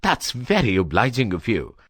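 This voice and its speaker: A woman's voice: very deep voice, very animated, normal speed, husky, no echo, clean studio sound, pitched below the performer's own voice, exaggerated voice. A woman reading a storybook, voicing a grumpy, impatient carter who speaks in a grumbling, sarcastic way.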